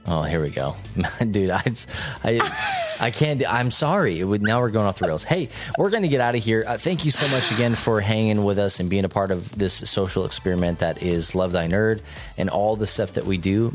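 A young man co-hosting a casual podcast, talking in an animated, jokey way with quick asides. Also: fairly low pitch, soft background music. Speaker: podcast co-host.

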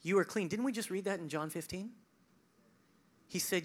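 A man preaches a sermon in a conversational, animated way. He builds to emphatic, loud peaks, then drops to hushed, nearly whispered lines, with chuckles and quick asides along the way. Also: high-pitched. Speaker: pastor.

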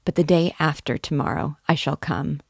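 A woman reading the lines of a timid, earnest young girl who speaks softly and hesitantly. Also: deep voice, normal speed, gravelly, husky, no room sound, clean studio sound, heavily acted. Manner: soft, hesitant, heartfelt.

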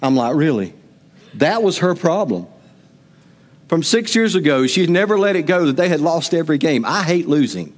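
A man's voice: fairly high pitch, sing-song, normal speed. A middle-aged man, preaching a sermon and telling family stories to his congregation in a folksy way. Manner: folksy storytelling, talks to the congregation. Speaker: pastor. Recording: long hall reverb.

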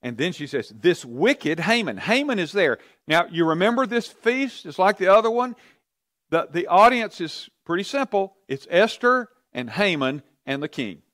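A man's voice: high voice, sing-song, moderate pace, a bit bright, dry recording, clean studio sound. A man teaching a Bible study, telling the story with energy and asking his class questions.

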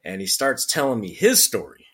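A man's voice: mid-range voice, moderate pace, husky. Laughing ex-Marine man telling a story. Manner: animated, acts out quotes with laughs. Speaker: podcast guest, former Marine sergeant. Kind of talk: casual storytelling.

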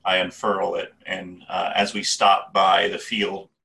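A man playing a tabletop game, speaking haltingly in character. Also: low-pitched, monotone, creaky, bright, forceful tone, distant mic. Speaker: player. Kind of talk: tabletop role-play.

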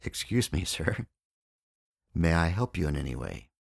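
Guy doing a calm kind yogi in a story, patient and gentle, really deep voice. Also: measured pace, creaky, husky, heavily acted. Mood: polite. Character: calm, kindly wandering male yogi.

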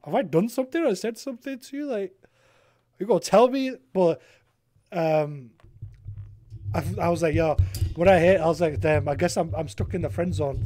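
A young man hosting a podcast, telling stories in a lively, animated way, acting out what people said and laughing often. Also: fairly high pitch, a little hiss or hum. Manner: animated storytelling, acting out quotes, laughs a lot. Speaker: podcast host and streamer. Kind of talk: casual chat.

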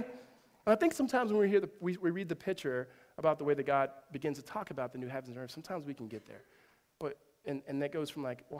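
A man in his thirties preaching a sermon, telling lively personal stories with humorous asides. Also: high-pitched. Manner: animated storytelling with asides and self-deprecating humor. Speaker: pastor. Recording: long reverb of a large hall.

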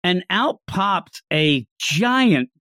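An animated man with a fairly high voice recaps a story in casual chat. He jumps into silly character voices as he goes. The sound is close and dry, with no room echo. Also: drawn-out words. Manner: animated, acts out scenes in funny voices. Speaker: podcast co-host.

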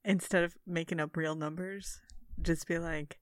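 Giggly low-voiced woman player. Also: steady tone, moderate pace, slight background noise. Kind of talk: casual tabletop play.

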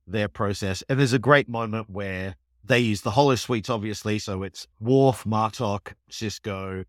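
Male podcast co-host, low-pitched, eager recapper, dry close mic. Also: measured pace, dry recording. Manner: enthusiastic, animated storytelling with laughs. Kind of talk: casual chat recapping an episode.

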